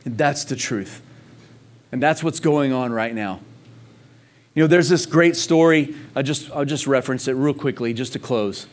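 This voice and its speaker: A man's voice: mid-range voice, moderate pace. Male pastor, mid-range voice, chatty but emphatic sermon delivery. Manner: emphatic, conversational preaching with rhetorical questions. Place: church service in Texas.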